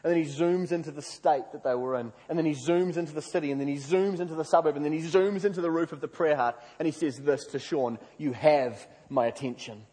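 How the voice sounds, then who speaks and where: Husky guy preaching, story-style sermon, big echoey hall. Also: fairly high pitch, quick pace, hardly any pauses. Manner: animated storyteller, acts out quoted prayers. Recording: reverberant hall.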